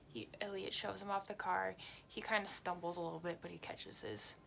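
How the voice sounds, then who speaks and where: A young woman vlogger telling a story in a lively, blunt way and swearing often. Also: on the low side, fairly quick, creaky, slight background noise. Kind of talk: storytime vlog.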